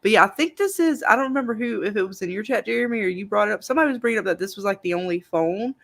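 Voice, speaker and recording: Animated co-host, reads viewers' comments, chatty storyteller. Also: mid-range voice, racing, creaky. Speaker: co-host reading chat comments. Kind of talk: casual chat.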